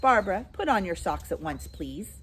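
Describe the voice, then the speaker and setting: A woman reading as Mary Poppins, firm and brisk. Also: on the low side, sing-song, a bit bright, a little hiss or hum. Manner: firm, crisp.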